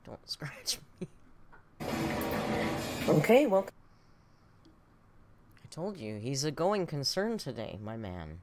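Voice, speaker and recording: Low voiced lady rambling on a home livestream, super bouncy pitch, laughs a lot. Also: big pitch swings, slow pace, pauses often, a little mellow, soft background music. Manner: chatty, laughing, scolding her cat. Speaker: reaction channel host. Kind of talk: casual live reaction chat.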